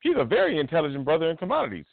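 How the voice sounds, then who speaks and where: A man's voice: a little high, rapid-fire, vocal fry, no echo. A man co-hosting a radio talk show, telling stories in casual talk and acting out what others said. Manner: expressive storyteller, acts out quotes, restarts often. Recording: tinny phone-like, dry.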